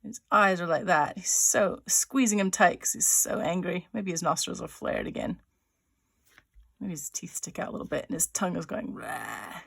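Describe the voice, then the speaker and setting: Teaching a drawing workshop, a woman writer-illustrator speaks on the low side, with a creaky, breathy edge. She keeps up playful chatter and thinks out loud while drawing, voicing little sound effects and often pausing or starting over.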